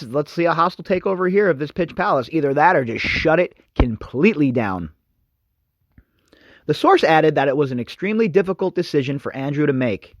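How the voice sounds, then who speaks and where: A man's voice: a little high, no room sound, highs cut off. A male radio host giving a sarcastic, mocking, opinionated commentary monologue.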